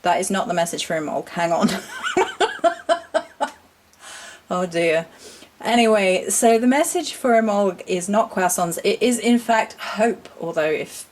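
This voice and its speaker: Low-voiced woman, chatty vlogger. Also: a little hiss or hum. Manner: rambling, chatty and gentle, with asides. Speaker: witch vlogger showing her altar. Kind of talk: casual spoken vlog. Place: room at home beside her altar.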